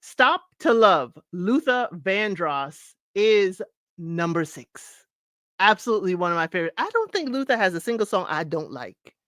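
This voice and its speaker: A woman's voice: lowish voice, sing-song, normal speed, fairly bright tone, dry recording, studio quality. A middle-aged woman hosting a casual talk show, chatting about music, singing bits of songs and laughing often. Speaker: podcast host. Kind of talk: casual chat counting down music.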